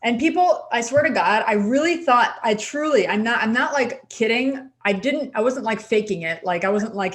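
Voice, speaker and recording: A woman co-host chats on a podcast with lively, encouraging energy. She speaks casually and often fills her sentences with "like". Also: fairly high pitch, normal speed, few pauses. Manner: animated, encouraging, says "like" often. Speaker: podcast co-host, dental hygienist. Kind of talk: casual chat.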